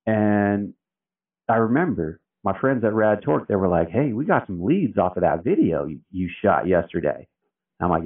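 Male guest, very low voice, sits far off the mic, chatty storyteller who acts out quotes. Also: expressive, a little fast. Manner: loose and chatty, filler-heavy, acts out quotes. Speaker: interview guest. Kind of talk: casual storytelling. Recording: tinny phone-like sound, distant from the mic.

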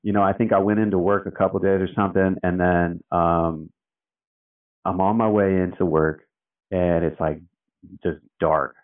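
Male guest, very low voice, sits far off the mic, chatty storyteller who acts out quotes. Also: fairly even intonation, moderate pace. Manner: loose and chatty, filler-heavy, acts out quotes. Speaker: interview guest. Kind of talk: casual storytelling. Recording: tinny phone-like sound, distant from the mic.

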